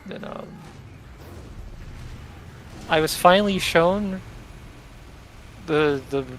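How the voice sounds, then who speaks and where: A man's voice: sits high, drawn-out words, a bit bright, slight background noise. A young man streaming a game, chatting casually in a blunt and opinionated way.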